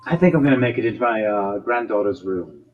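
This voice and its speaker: A man's voice: fairly low pitch, expressive, brisk, faint music behind, lightly acted. A man voicing a blunt, bossy old witch grandmother in a tabletop game, with lo-fi stream audio. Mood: proud. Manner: brusque, bossy and crude.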